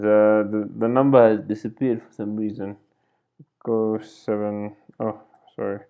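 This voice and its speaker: A man's voice: on the low side, narrow, tinny audio. A man teaching a coding screencast, thinking aloud as he types and often adding "right?" and "like this". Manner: thinks aloud while typing, frequent "right?" and "like this". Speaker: coding tutorial instructor. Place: at a computer, indoors.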